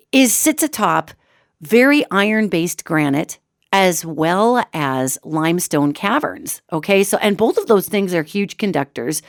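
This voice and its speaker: Hoarse chatty woman hosting a talk show. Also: on the low side, no room sound, studio quality. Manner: chatty and animated, addresses listeners as "gang". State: hoarse from a cold. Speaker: radio show host. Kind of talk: solo talk-show monologue on metaphysics.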